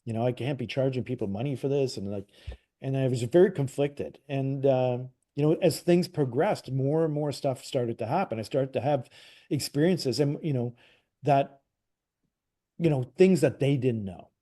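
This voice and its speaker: A man's voice: mid-range voice, normal speed. A man from Canada, a psychic medium, casually telling a personal story as an interview guest, acting out quoted dialogue with lots of restarts. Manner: animated retelling, acts out quoted dialogue, frequent "like" and restarts.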